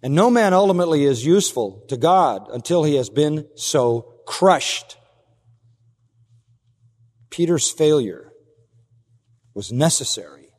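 A man's voice: on the high side, animated, measured pace, pauses often, darkish tone, in a large hall. A man preaching an expository sermon as pastor, emphatic, acting out quoted lines in a raised voice.

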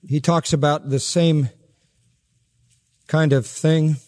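Emphatic preacher in a reverberant hall. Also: male voice, a little high, steady tone, takes it slowly. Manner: emphatic preaching with sharp rises and soft drops. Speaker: pastor. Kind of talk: sermon.

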